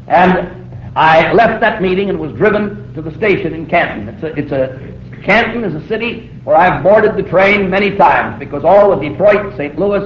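Storytelling preacher on an echoey old tape. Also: male voice, fairly high pitch. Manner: vivid storytelling, acts out quoted voices. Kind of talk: sermon. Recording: roomy, dull old recording with faint hiss.

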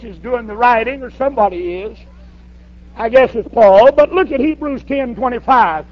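An older man, a pastor telling a folksy story in a sermon and rising to shouts. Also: very high voice. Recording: dull lo-fi sermon recording.

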